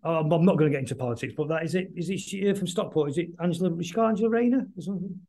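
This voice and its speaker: Guesting on an interview podcast, a middle-aged musician speaks fast and loosely in a warm voice pitched slightly high for a man. It's casual chat, and he rambles, stumbles over words, and keeps starting his sentences over.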